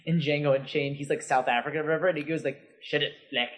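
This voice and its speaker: A man's voice: fairly high pitch, steady tone, rapid-fire, rough recording. A man chatting on a podcast as a co-host, rambling with lots of fillers and restarts. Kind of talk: casual podcast discussion.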